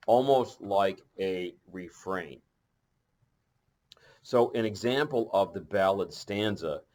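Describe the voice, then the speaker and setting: In a recorded lesson, a male teacher with a low voice talks conversationally, pausing on fillers and correcting himself along the way.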